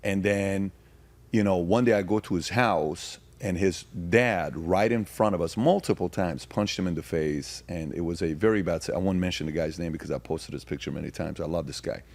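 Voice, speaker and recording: A man with a low, slightly mellow voice speaks at a moderate pace as a podcast guest, telling stories in casual conversation. When he argues a point, he becomes emphatic and throws out rhetorical questions.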